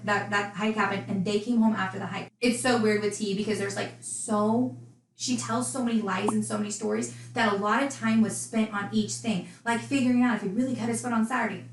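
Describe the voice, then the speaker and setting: A woman's voice: mid-range voice, reverberant, low-quality recording. A woman casually recounting a true crime case, chatty and indignant in her asides.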